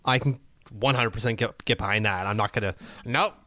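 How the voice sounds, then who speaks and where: A man co-hosting a casual hockey podcast, chatty and quick to laugh, often correcting himself mid-sentence. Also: fairly low pitch, steady tone, pushed and bright, no echo. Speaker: podcast co-host.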